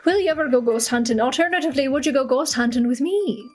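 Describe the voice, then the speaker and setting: Young woman, playful Q&A vlogger, slightly high pitch, big echoey room, faint music. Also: lively intonation, fast, darkish tone. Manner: jokey, switching into silly put-on accents. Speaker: YouTuber answering viewer questions. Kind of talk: casual chat. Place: large echoey room at home. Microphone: desk mic. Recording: roomy home recording with faint music.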